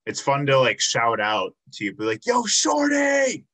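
A man's voice: lowish voice, moderate pace, sharp tone. A man hosting a casual interview show, asking questions with many "um"s and "uh"s. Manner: friendly, filler-heavy questions. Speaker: podcast host.

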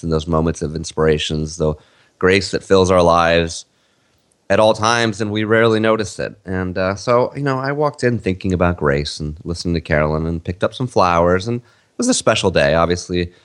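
A man in his thirties with a very low voice, co-hosting a podcast. He tells stories in a loose, rambling way, full of fillers and self-corrections. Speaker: podcast co-host. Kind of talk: casual storytelling chat.

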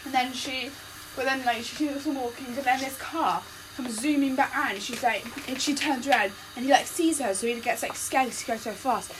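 A woman's voice: high voice, fairly quick. A young woman telling a long made-up love story in casual chat, rambling with lots of fillers, recorded while cooking in a kitchen. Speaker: podcast co-host. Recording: kitchen noise, frying sizzle.

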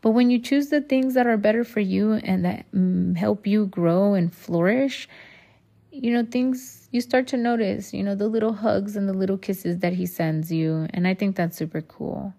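A woman's voice: medium pitch, moderate pace, mellow. Candid, cussing woman podcast host. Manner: candid, rambling, swears freely; addresses listeners as y'all. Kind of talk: casual solo podcast monologue.

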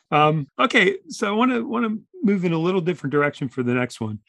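A man's voice: high-pitched, big pitch swings, fairly quick, creaky, fairly bright tone, no echo. Casting note: male panel host, considered and explanatory, dry close sound. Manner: thoughtful, builds points through examples. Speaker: podcast host leading an expert panel. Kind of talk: conversational panel discussion.

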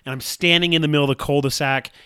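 A man co-hosting a sports podcast, chatting casually and telling stories excitably. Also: a little high, rapid-fire, clean tone, no echo, studio quality. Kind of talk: casual chat.

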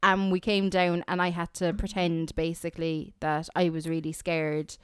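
An Irish woman co-hosting a podcast at home, teasing and arguing in fast casual chat. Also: on the low side, flat delivery, clear, resonant tone, no echo, clean studio sound. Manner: teasing, argumentative, quick storytelling. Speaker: podcast co-host.

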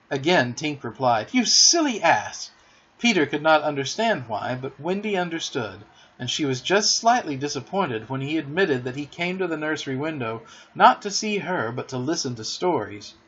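Expressive man narrating a storybook. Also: fairly high pitch, normal speed, breathy edge. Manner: expressive, theatrical. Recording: dull lo-fi audiobook recording.

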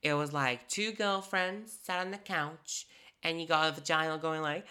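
A woman talking casually and playfully about an artist's work, with sassy, animated asides. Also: deep voice, moderate pace.

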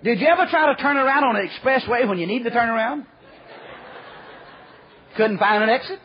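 A man preaching a folksy storytelling sermon, acting out the quoted voices and dropping to a hush at times. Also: very high voice, animated, brisk, a faint crowd. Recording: muffled lo-fi recording.

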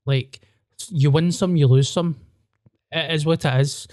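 Mellow-voiced blunt Scottish comedian. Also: male voice, fairly high pitch, fairly even intonation, a little slow, no room sound, studio quality. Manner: blunt, self-mocking storyteller. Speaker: stand-up comedian. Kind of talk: casual podcast chat.

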